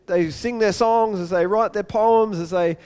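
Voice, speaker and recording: A man's voice: sits high, unhurried, darkish tone, smooth, big-room sound. A pastor preaching a sermon, earnest and often repeating words as he goes.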